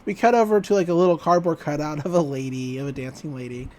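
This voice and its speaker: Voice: medium pitch, fast talker, darkish tone, rough recording. Chatty podcast host recapping a cartoon. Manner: chatty, giggly, full of "uh" and "like"; acts out characters' lines while retelling. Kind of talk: casual episode recap.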